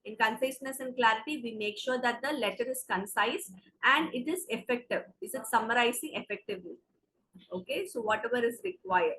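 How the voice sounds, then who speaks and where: A woman's voice: a little high, a little fast, a bit bright, a little hiss or hum, low-quality recording. A woman with an Indian English accent teaching an exam preparation class, explaining step by step and checking in with "okay". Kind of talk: classroom lecture.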